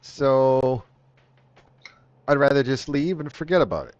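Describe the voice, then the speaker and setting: A man's voice: medium pitch, lively intonation, unhurried, darkish tone, no room sound, close to an everyday voice. A man voicing a surrendered female forest bandit who is nervously bargaining for her life in a tabletop game. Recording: dull dry lo-fi audio.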